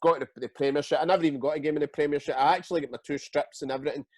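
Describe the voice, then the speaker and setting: A Scottish man in his forties, a guest telling stories in a casual interview, halting and repeating words as he goes. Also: fairly high pitch, no room sound. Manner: lively storyteller. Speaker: guest, retired footballer.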